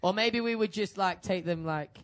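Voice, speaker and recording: High-voiced young British man. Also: moderate pace, a bit bright. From Britain. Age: young adult. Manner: giggly, banter. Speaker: band member guest.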